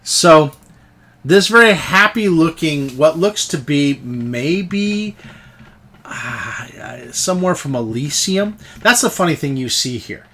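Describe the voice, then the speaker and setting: A man's voice: a little high, animated, slow, a bit bright. A man narrating as game master who talks in a loose, chatty way and laughs often. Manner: chatty, laughs often, restarts mid-sentence.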